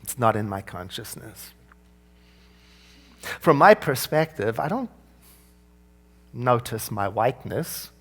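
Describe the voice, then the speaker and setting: A male minister giving a sermon, animated, with playful asides and gentle slowdowns. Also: mid-range voice, slightly rough.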